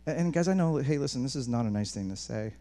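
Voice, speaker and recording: Speaking at a quick pace with a medium-pitched voice, this male pastor delivers an animated sermon. He frequently restarts words and addresses the congregation head-on.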